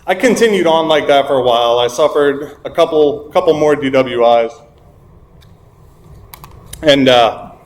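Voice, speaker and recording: A young man telling a frank, self-mocking story of his drinking to a recovery meeting, acting out what people said. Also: mid-range voice. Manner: candid and self-mocking, quotes people in dialogue. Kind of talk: personal recovery story told to a group. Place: meeting room. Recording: echoey meeting room.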